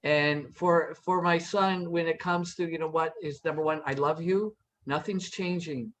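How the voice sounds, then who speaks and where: Earnest man with a higher voice. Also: fairly even intonation, unhurried, a bit bright, low-quality recording. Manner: earnest, reassuring, with frequent restarts. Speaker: panel guest. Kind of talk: candid personal storytelling.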